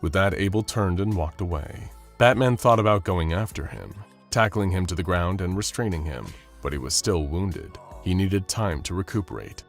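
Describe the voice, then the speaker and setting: A man narrating a scripted action story in a steady, dramatic storytelling manner. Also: sits low, moderate pace, faint music behind.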